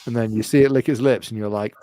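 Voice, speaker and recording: A man swapping stories on a podcast in a loose, sweary, animated way. His voice sits a little low, and the recording is dry and close. He keeps breaking into mock voices as he talks. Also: fast, no room sound. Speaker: podcast co-host. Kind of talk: casual chat.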